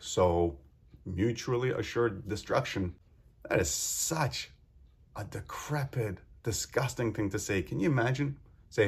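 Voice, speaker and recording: Man, podcast host, solo monologue, earnest, fervent, rhetorical questions, husky, lowish voice. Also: moderate pace, darkish tone.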